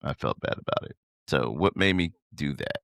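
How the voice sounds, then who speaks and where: A man's voice: rumbling low, expressive, moderate pace, creaky, a bit bright, no room sound, studio quality. A man hosting a podcast, giving a motivational business talk in an emphatic, preachy way and addressing listeners directly. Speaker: podcast host.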